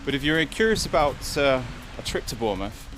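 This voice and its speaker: A man's voice: mid-range voice, sing-song, fairly quick, music in the background. A man from England talking in a rambling, opinionated monologue while walking along a beach for his vlog. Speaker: vlog host. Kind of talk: casual walk-and-talk vlog. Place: outdoors on a beach.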